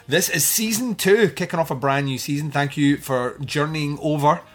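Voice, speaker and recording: A man's voice: on the high side, normal speed. A man hosting a film podcast, talking in a chatty, jokey, rambling way. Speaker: podcast host. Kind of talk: casual film podcast chat.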